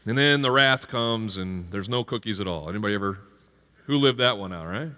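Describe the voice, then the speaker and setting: A middle-aged pastor delivers an energetic sermon, acting out little scenes in playful voices. His voice is bright and sharp and rides up and down. Long reverb from a church hall trails behind him. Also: fairly low pitch, a little fast. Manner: animated, jumps into playful character voices and exclamations. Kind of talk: energetic sermon with acted-out stories.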